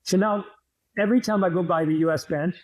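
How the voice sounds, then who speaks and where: A man's voice: high-pitched, fairly quick, low-quality recording. A man in his fifties, a podcast guest and former hockey player, telling long rambling stories in casual chat and laughing as he goes.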